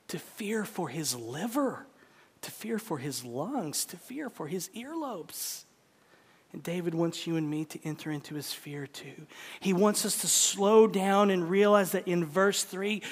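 A man preaching a sermon, telling a story with dramatic quoted voices. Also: a little high. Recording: long hall reverb.

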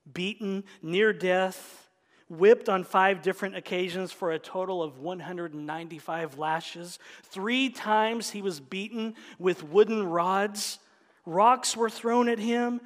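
High-voiced slow preaching man. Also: big-room sound. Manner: swings from loud emphatic stresses to hushed near-whispers. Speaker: pastor. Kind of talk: sermon.

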